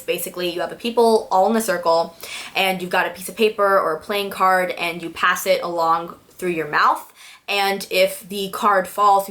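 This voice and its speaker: A woman's voice: mid-range voice, fairly bright tone. Woman book reviewer, casual rant, sarcastic and fed up, swears freely, mid-range voice.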